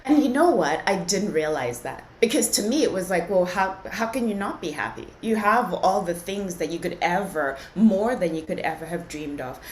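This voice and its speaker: A woman's voice: on the low side, expressive, moderate pace, few pauses, echoey room, a little hiss or hum, rough recording. A woman from Zimbabwe, a podcast guest, earnestly and reflectively telling her own story in a casual interview.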